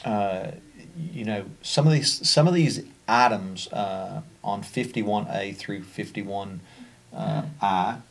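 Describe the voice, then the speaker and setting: A man's voice: lowish voice, slow, gravelly. A man with a Kentucky accent presenting a special education training over slides, in a conversational way with frequent fillers and restarts.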